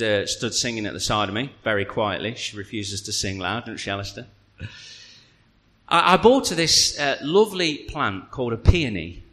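A man preaching a sermon, telling a humorous personal story in a chatty, animated way. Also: mid-range voice. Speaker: pastor. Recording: reverberant hall.

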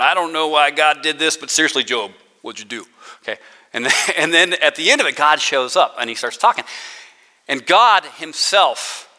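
Guy preaching to students, super bright voice, chatty and sarcastic, long echo from a big hall. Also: a little high. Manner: conversational and self-deprecating, with playful sarcasm and acted-out quotes. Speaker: director of spiritual formation, chapel speaker. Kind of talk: casual sermon to students.

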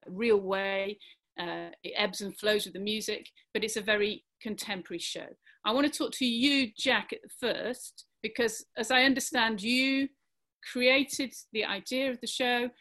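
Bright chatty woman host. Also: medium pitch. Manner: chatty, lots of ums and uhs. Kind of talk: panel interview host.

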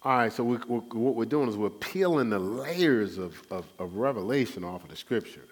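With a mid-range, slightly rough voice, lively intonation and a moderate pace, this pastor preaches casually to his congregation. He keeps prompting them to supply the missing words.

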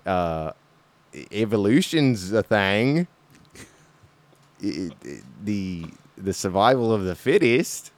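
Man, low voice, joking casual chat, dry close sound. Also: very animated, slow, long pauses, no echo. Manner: joking, laughing, trying out a put-on accent.

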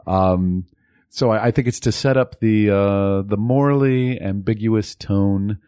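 A man's voice: lowish voice, unhurried, warm tone, clear, resonant tone, no room sound, studio quality. A man co-hosting a casual movie podcast, rambling a little with fillers and restarts. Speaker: podcast co-host.

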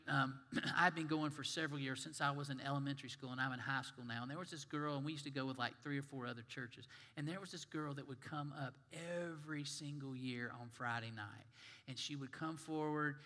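A male minister preaching a sermon in a conversational, animated way, asking the congregation questions. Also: medium pitch, in a large hall. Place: church sanctuary.

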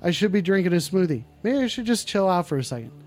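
A man's voice: high voice, very animated, fast, darkish tone, soft background music. A man hosting a comedic call-in show in character, brash and profane and often repeating himself. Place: indoors at home.

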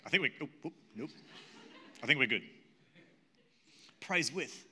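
A man's voice: mid-range voice, lively intonation, a little slow, pushed and bright. A man preaching a sermon as pastor in a church, earnest and repetitive, often asking the audience questions. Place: church auditorium. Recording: long hall reverb.

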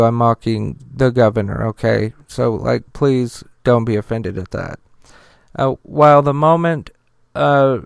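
Halting, profane man reading the news. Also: mid-range voice, creaky, clear, resonant tone, dry recording, studio quality. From Utah. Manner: reads news quotes, then breaks into profane outraged asides; halting, with many uh fillers and repeated words. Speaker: podcast host. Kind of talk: casual news commentary.

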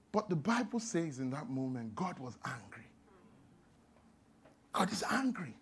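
Animated, high-pitched preacher. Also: male voice, creaky, breathy edge. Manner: playful storytelling with acted-out quotes and laughter. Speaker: pastor. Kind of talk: sermon.

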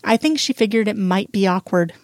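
A woman's voice: mid-range voice, fairly quick, no room sound, studio quality, close to an everyday voice. A woman voicing a wry, hopeful man. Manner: self-deprecating, gently joking.

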